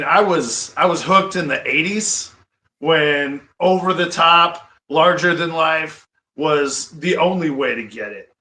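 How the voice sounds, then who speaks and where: A man in his forties from Iowa, a pro wrestler, telling stories as a podcast guest in an animated way. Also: a little high, reverberant, low-quality recording. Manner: animated, quick to laugh. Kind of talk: casual storytelling. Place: studio.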